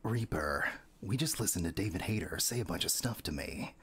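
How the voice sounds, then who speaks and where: A man's voice: low voice, expressive, normal speed, a crowd in the background. Emotional laughing young man streamer. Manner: emotional, laughing often, swearing. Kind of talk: live reaction stream.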